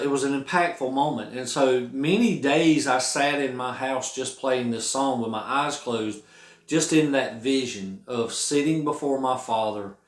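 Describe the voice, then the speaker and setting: A man earnestly talking about his song at home, rambling a little with many restarts. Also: mid-range voice. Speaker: singer-songwriter explaining his song. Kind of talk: casual spoken reflection. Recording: roomy echo.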